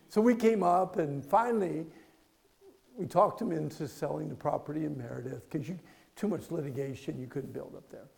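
Gravelly preacher telling a story. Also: male voice, fairly high pitch, brisk, low-quality recording. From Pennsylvania. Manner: storytelling, swings from hushed to loud and emphatic. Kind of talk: sermon with personal story.

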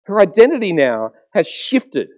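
A pastor delivering a sermon in a lively, wide-ranging voice that rises and falls sharply. He tells stories with many restarts, acts out little voices, and talks straight to his listeners with questions. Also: high-pitched, moderate pace. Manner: animated storytelling with frequent restarts, acting out voices; addresses the congregation directly with questions.

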